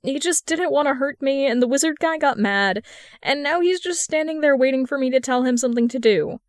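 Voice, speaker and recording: A woman's voice: high-pitched, animated, slow pace, no echo, clean studio sound, pitched above the performer's own voice. Give me a woman playing an anxious young working girl who pleads, with a rising voice. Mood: pleading.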